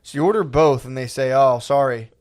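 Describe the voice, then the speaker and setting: A man's voice: medium pitch, brisk, darkish tone. A young man co-hosting a podcast, reacting with crude jokes and questions. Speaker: podcast co-host. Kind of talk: casual chat.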